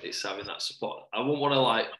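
A man's voice: medium pitch, fast talker, sharp tone, reverberant, rough recording. A man chatting casually about parenting, laughing often and acting out what people said. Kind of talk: casual chat.

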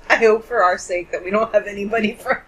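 Laughing woman with a lively voice. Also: medium pitch, poor audio. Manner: laughing, quick to react. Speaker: podcast co-host. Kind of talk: casual podcast chat.

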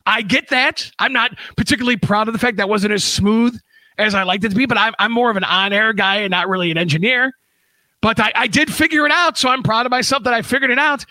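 A man's voice: high voice, fast, bright, forceful tone, dry recording. A man hosting a casual show from his home studio, sarcastic and playful, often laughing at callers. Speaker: host. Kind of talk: casual online talk show. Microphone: studio mic.

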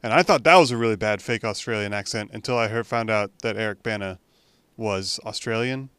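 A man's voice: lowish voice, fairly quick, a bit bright, clean tone, dry recording. A young man co-hosting a podcast, talking in a chatty, rambling way with frequent restarts. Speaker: podcast co-host. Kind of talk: casual chat.

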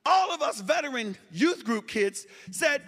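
A man performing stand-up comedy, telling a story in an animated way and shouting his punchlines. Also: very high voice, measured pace, big-room sound, noisy background. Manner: animated, shouts punchlines, drawls quoted voices.

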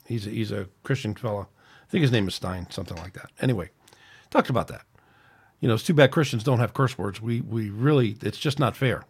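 A man's voice: fairly low pitch, brisk, husky. Angry man ranting on a podcast. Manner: angry, ranting, rambling with restarts. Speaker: podcast host. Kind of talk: solo podcast rant.

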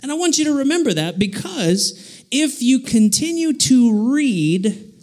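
A man giving a children's sermon, telling an animated story and asking the kids questions. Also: extremely high pitch, a little slow. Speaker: children's speaker.

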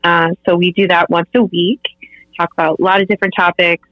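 A woman's voice: fairly low pitch, little pitch movement, a little fast, no echo. A woman chatting as a podcast guest, chatty with many fillers, over muffled remote call audio. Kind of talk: casual chat.

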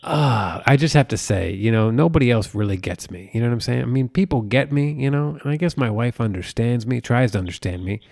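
A man's voice: medium pitch, lively intonation, brisk, creaky, few pauses, a little mellow. Joking man co-hosting a podcast. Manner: jokey, playful banter. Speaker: podcast co-host. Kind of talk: casual chat.

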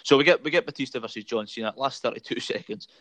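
A man's voice: medium pitch, quick pace, a bit bright, dry recording. A Scottish man hosting a casual chat, rambling with many fillers and frequent laughs. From Scotland. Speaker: podcast host.

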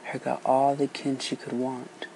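Slow gravelly storyteller. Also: medium pitch, completely flat delivery, darkish tone, a little hiss or hum, rough recording. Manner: unhurried, lilting, voices each character. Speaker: storyteller reading aloud. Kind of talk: dialect folk-tale reading.

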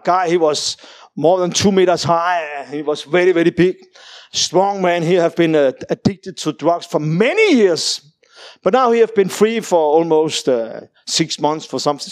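Animated man telling a testimony. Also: sits high, dry recording. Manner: animated, halting, broken English. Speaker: guest sharing a testimony. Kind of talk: faith testimony storytelling.

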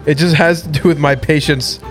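A man's voice: fairly high pitch, fairly even intonation, a little fast, soft background music. A young man co-hosting a podcast, talking bluntly and swearing a lot. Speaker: podcast co-host. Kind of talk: casual podcast banter.

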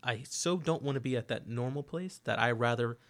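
A man talking in a casual podcast chat, emphatic and animated, who keeps checking in with "right?". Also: mid-range voice, fairly quick. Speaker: podcast host.

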